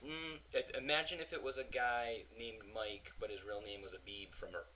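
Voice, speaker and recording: A man's voice: mid-range voice, fairly even intonation, moderate pace, sharp tone, a little hiss or hum, rough recording. A man co-hosting a podcast in casual chat, making wry quips and asking short questions. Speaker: podcast co-host.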